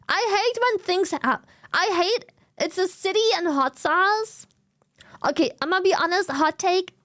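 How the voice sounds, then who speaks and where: A woman with a German accent, a native German speaker chatting casually on stream in an animated, slangy way with plenty of swearing. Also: sits high, dry recording, clean studio sound.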